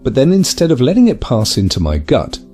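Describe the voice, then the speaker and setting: A man's voice: mid-range voice, wildly swooping pitch, a little fast, dark tone, faint music behind. A man voicing a lonely male trash goblin creature, telling his story in a bitter, confessional way. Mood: rueful. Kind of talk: dramatized video narration.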